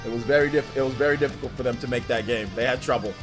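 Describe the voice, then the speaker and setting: A man's voice: mid-range voice, fairly even intonation, rapid-fire, music in the background. A man hosting a livestream, chatting casually and rambling through viewer comments with lots of filler words. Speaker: livestream host.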